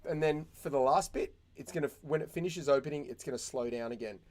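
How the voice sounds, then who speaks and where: A young man teaching animation in a casual, chatty way, thinking out loud and making little sound effects as he works. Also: fairly high pitch, fast talker. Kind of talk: casual screen-recorded tutorial.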